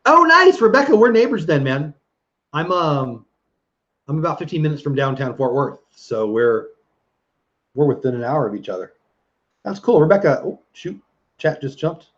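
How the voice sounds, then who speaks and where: A man's voice: on the high side, animated, normal speed, pauses often, darkish tone. A middle-aged man hosting a casual livestream, chatting and reading viewer comments aloud with easy laughs. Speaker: livestream host reading chat. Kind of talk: casual live chat. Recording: dull lo-fi stream audio.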